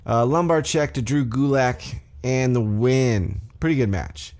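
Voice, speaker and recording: Mellow, rambling man recapping wrestling. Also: mid-range voice, a little slow. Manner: rambling, profane, self-correcting. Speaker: podcast host. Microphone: desk microphone.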